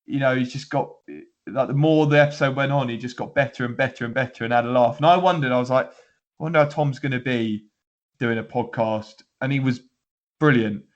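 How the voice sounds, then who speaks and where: A man's voice: medium pitch, fairly quick, lo-fi sound. A man co-hosting a football podcast, talking in a rambling, laughing way with lots of restarts. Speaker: podcast co-host. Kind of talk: casual chat.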